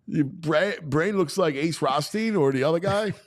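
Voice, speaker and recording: A man hosting a casual sports talk show, loud and jokey in his banter with guests. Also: fairly high pitch, normal speed. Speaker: show host.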